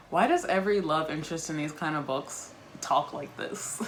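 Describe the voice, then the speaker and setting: Low-pitched and unhurried, a woman reads a book aloud on her video channel, pausing often to slip in chatty, wry asides. It's casual chat between passages, with slight background noise.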